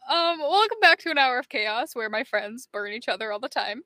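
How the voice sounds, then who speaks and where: A young woman with a British accent hosts a podcast in casual chat, loose and giggly, stumbling through notes with plenty of ums. Her tone is bright and forward, slightly strained as if her voice is wearing out. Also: on the high side, expressive, brisk, no room sound. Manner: giggly, rambling, lots of ums. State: losing her voice. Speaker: podcast host.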